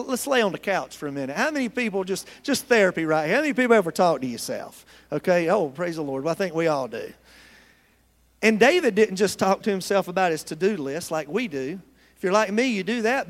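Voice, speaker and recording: A man's voice: high-pitched, long reverb tail. A man from the United States preaching a sermon in a church, earnest and calling out to his congregation. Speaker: pastor. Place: church sanctuary.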